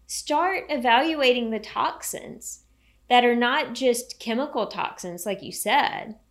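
A woman's voice: a little high, lively intonation, slow. A woman co-hosting a podcast, talking in a casual, encouraging way about health and hope. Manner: enthusiastic, encouraging, faith-tinged. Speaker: podcast co-host.

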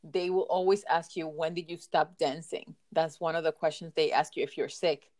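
A woman's voice: sits low, steady tone, normal speed, darkish tone. A woman with a foreign accent hosting a casual podcast chat, upbeat and giggly, often trailing off mid-sentence. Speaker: podcast host.

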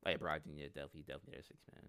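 A man's voice: extremely low pitch, flat delivery, very fast, a bit bright, smooth. A man co-hosting a podcast, chatting casually about basketball in a loose, rambling way and laughing often. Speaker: podcast co-host. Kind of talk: casual sports chat.

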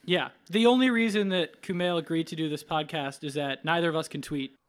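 A man's voice: on the high side, fairly quick. A man hosting a podcast in casual chat, upbeat and laughing as he tells stories. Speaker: podcast host.

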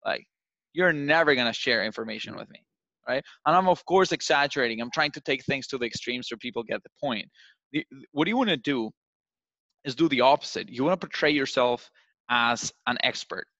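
Animated young male sales coach. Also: mid-range voice, fairly quick, no room sound. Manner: animated, acts out phone calls in different voices. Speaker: sales trainer. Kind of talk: coaching session on cold calling. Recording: dull, slightly lo-fi dry sound.

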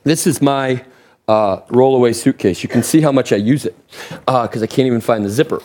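A man's voice: mid-range voice, a little fast, mellow. A male pastor preaching a sermon, telling a story with chatty asides to the congregation.

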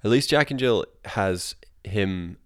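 A man's voice: lowish voice, slow, dry recording, clean studio sound. A man co-hosting a podcast, talking through a film in casual, rambling chat full of "like" fillers and casual swearing. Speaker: podcast co-host.

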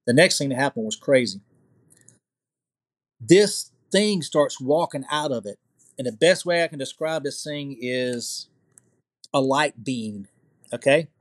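Speaking in a mid-range voice, a podcast guest from Louisiana with a Southern US accent shares a personal story with excitement. He repeats phrases and keeps checking in with the listener, and the recording is dry.

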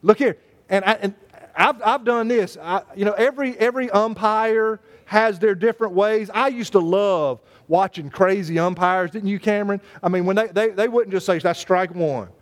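Male pastor, high voice, folksy preaching, jokes with the congregation. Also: normal speed. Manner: folksy, joking, addresses congregation by name. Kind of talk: sermon.

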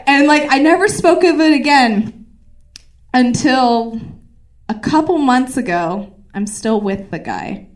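A young woman doing stand-up, rambling through her story with a steady stream of "like"s and casual swearing. Her voice sits a little high. She pokes fun at herself as she goes. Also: takes it slowly. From Puerto Rican heritage. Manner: rambling, filler-heavy, profane, self-deprecating. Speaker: stand-up comedian.

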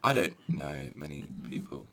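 A man's voice: a bass voice, sing-song, normal speed, creaky, pushed and bright. A man co-hosting a podcast in giggly casual chat, reading out reviews and mock-scolding his partner. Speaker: podcast co-host.

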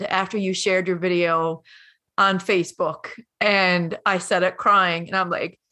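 Woman, coach, bright tone, encouraging, emotional, near tears. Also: on the low side. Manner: warm, encouraging, tearful at times. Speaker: coach and host. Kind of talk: emotional conversation.

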